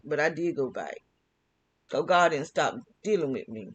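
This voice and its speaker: A woman's voice: sits low, lively intonation, moderate pace, slightly rough. A woman vlogger telling a personal church story in a rambling, casual way, often laughing and restarting her sentences. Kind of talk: casual spoken testimony.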